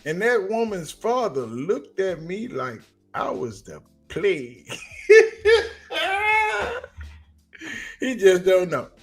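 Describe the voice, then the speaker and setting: His voice is a little high and his accent Southern US as he tells slangy stories while giving casual, energetic sports commentary on a livestream.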